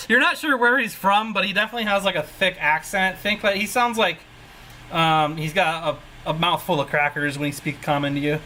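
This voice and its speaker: A man's voice: sits high, normal speed, bright, forceful tone, a little hiss or hum, poor audio. A man running a tabletop game as game master, narrating in a rambling, laid-back way.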